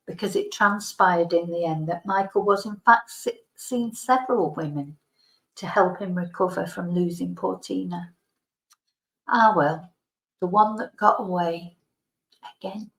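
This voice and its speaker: A woman reading her own memoir aloud as a bedtime story, calm and frank with dry self-deprecating humour. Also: medium pitch, echoey room, rough recording. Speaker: YouTube storyteller and Spanish teacher.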